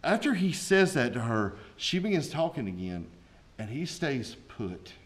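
A man's voice: medium pitch, sing-song, unhurried. A man, a pastor preaching a sermon with folksy asides and rising intensity.

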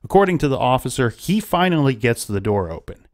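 A man's voice: medium pitch, sing-song, brisk. Man recounting a true-crime case. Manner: retells events at length with many restarts. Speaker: podcast host. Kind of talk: casual true-crime storytelling.

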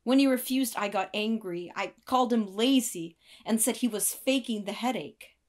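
A woman's voice: medium pitch, animated, normal speed, lightly acted. A woman voicing a passionate young composer. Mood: anguished. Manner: intense, emotional outbursts.

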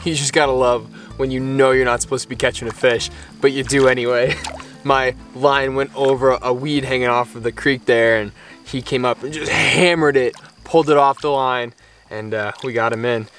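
A man's voice: medium pitch, moderate pace, faint music behind. A man, exclaiming and laughing as he narrates his fly fishing outdoors by a creek. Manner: excitable, exclaiming, laughing often. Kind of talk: excited outdoor vlog commentary.

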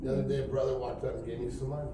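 A man's voice: mid-range voice, level tone, racing. A middle-aged man giving a spoken testimony at a night church service, telling his story loosely and acting out what people said. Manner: rambling storyteller who acts out quoted speech. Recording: echoey church hall from far off, faint hiss.

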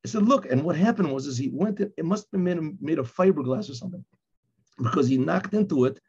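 A man who is a rabbi, teaching a Torah class and telling a personal story, acting out shouted quotes along the way. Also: a little high, expressive, fast, vocal fry, breathy edge. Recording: dull lo-fi recording.

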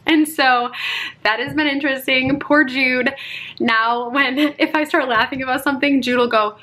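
Bright chatty young mom vlogger. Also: female voice, high-pitched, fairly even intonation, moderate pace. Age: young adult. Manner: chatty, laughs often, addresses viewers as "you guys". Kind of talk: casual chat to camera.

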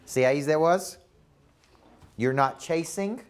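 A man's voice: on the high side, unhurried, long pauses, clear, resonant tone. A man with a Southern US accent teaching a live coaching seminar, emphatic and repetitive, often checking that the room follows him. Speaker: business coach.

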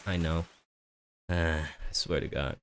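A man's voice: extremely low pitch, steady tone, slow pace, fairly bright tone, slight background noise. A man streaming a game in casual commentary from home, rambling, putting himself down and pleading with an in-game companion, on a desk mic with game music behind. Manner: self-deprecating, rambling, pleads with a game character. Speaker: gaming streamer. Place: home room with a TV. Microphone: desk mic on an arm.

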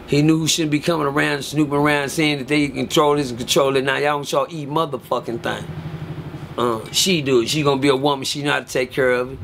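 Gravelly man telling a story, animated, profane. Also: medium pitch, slight background noise. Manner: profane, animated, acts out other people's lines in a raised voice. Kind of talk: casual storytelling.

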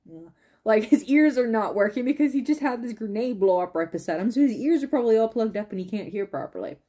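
A woman's voice: fairly high pitch, animated, fast talker, warm tone. A woman reviewing a drama in casual video commentary, rambling and laughing often and losing her train of thought. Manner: laughs often while talking.

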